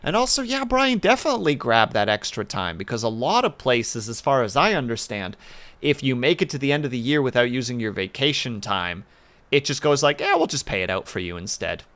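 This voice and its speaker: A man's voice: mid-range voice, sing-song, fairly quick, a bit bright. A man chatting casually on a livestream, rambling with playful asides in a home setup with a desk mic. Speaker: streamer. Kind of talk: casual stream chat.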